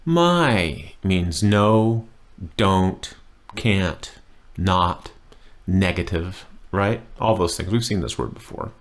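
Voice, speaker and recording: Slow, low-voiced joking male teacher. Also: steady tone. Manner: joking, wry asides; slow, deliberate pronunciation drills. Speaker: language teacher. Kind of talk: online language lesson.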